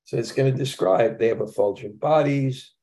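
A man's voice: medium pitch, normal speed, mellow. A man teaching a scripture class in a casual, conversational way, with chuckling asides.

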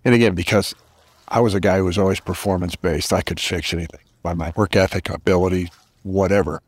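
A man's voice: deep voice, steady tone, fast talker, no echo. A middle-aged man as a podcast guest, earnestly telling a personal story with reflective emphasis.

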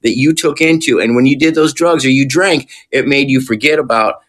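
A man's voice: mid-range voice, fairly quick, a bit bright. A man on a podcast, talking casually as a recovery counselor and often checking in with rhetorical questions. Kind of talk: casual explanatory talk.

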